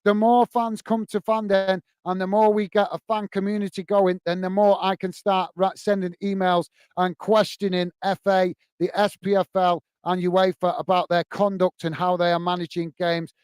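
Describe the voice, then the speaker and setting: A man with a high, smooth voice hosts a football fan live stream, reading viewer comments aloud and answering them. He sounds frustrated and emphatic, hammering the same points again and again. The sound is dry and close. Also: level tone, normal speed, few pauses, a little mellow, dry recording. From United Kingdom. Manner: frustrated, emphatic, repeats himself. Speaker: host of a football fan channel.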